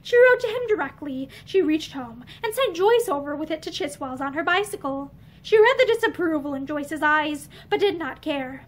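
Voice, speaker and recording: A woman reading a romance novel aloud in an expressive, earnest way, filmed in a room lined with bookshelves. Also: sits high, moderate pace. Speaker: audiobook reader. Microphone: camera facing her.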